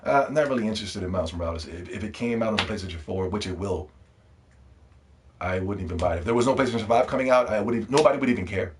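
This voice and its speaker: A man's voice: on the low side, racing, background noise. A man ranting to the camera about games, heated and profane, repeating words when worked up. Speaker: gaming video host. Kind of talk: ranting video commentary.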